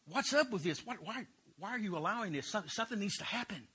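A man's voice: high voice, lively intonation, fast, pushed and bright, slightly rough, pitched above the performer's own voice, exaggerated voice. A man voicing an indignant young shepherd boy, firing off outraged questions.

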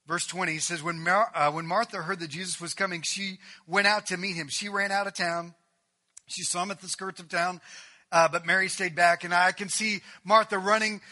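A man preaching a sermon, reading scripture and acting out the people in it, swinging between loud outbursts and hushed, quiet lines. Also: high voice, brisk. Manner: dramatic, acts out voices, swings from shouting to hushed. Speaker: pastor.

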